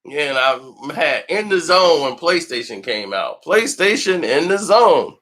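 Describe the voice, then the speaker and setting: A man's voice: on the high side, sing-song, measured pace, hardly any pauses, a bit bright. A man hosting a film review channel, chatting casually and telling stories with lots of laughter and acted-out quotes. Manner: laughs often, tells stories animatedly; acts out quotes in put-on voices. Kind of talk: casual chat.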